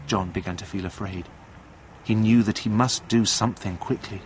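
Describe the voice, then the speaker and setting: Calm man reading a story aloud. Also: fairly low pitch, slight background noise. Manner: calm, plain, measured reading. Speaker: narrator. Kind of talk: scripted story narration.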